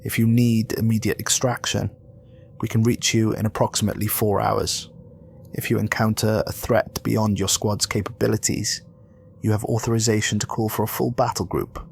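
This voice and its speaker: A narrator voicing a guarded fleet commander. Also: male voice, lowish voice, level tone, normal speed, creaky, a little hiss or hum. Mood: stern. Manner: clipped, authoritative briefing. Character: guarded male fleet commander briefing troops.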